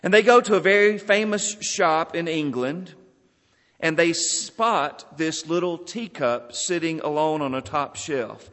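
A man preaching a sermon, telling a parable in an earnest, expressive way. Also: a little high, measured pace. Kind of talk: sermon storytelling. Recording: long hall reverb.

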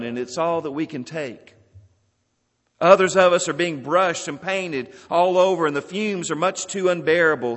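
A man preaching a sermon, telling a parable in an earnest, expressive way. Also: on the high side. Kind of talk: sermon storytelling. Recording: long hall reverb.

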